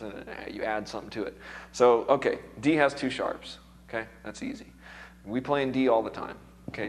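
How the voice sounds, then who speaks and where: Guy teaching a worship band class, casual and chatty, keeps asking "you guys get that?", a little worn out voice. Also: medium pitch. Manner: casual, encouraging, checks in with the class often. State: recovering voice. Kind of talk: classroom music theory lesson.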